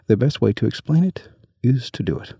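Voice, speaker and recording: A man's voice: mid-range voice, expressive, brisk, vocal fry, dark tone, husky, no room sound, clean studio sound, exaggerated voice. A man voicing a solemn, pompous old dodo bird in a storybook reading. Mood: grave. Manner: solemn, formal.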